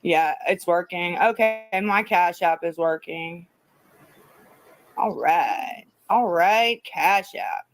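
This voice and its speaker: A woman's voice: lowish voice, slow pace, no room sound, faint music behind, rough recording. A woman chatting casually on a livestream, rambling, repeating herself and swearing freely. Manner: rambling, profane, repetitive.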